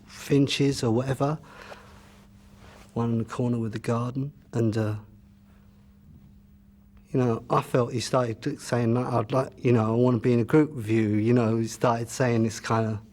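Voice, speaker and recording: Guy rambling on about his old band, lots of you knows and restarts, pretty monotone, mid pitch. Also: unhurried, pauses often. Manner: rambling, loose storytelling full of "you know" and restarts. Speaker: musician recalling his band's early days. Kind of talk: casual reminiscing interview answer.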